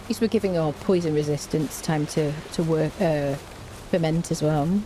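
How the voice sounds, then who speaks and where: A woman offers casual gameplay commentary in a warm, low-pitched voice at normal speed, with slight background noise. She greets chat viewers by name and hums little tunes to herself as she plays.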